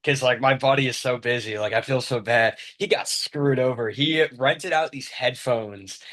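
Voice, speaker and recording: A man's voice: medium pitch, normal speed, a bit bright. A young man hosting a casual podcast, telling stories animatedly and swearing casually. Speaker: podcast host.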